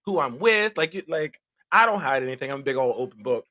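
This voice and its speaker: A male podcast co-host telling stories in casual chat. His pitch swings widely as he talks. He laughs often and keeps things loose. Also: fast talker. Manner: animated storyteller, laughs often.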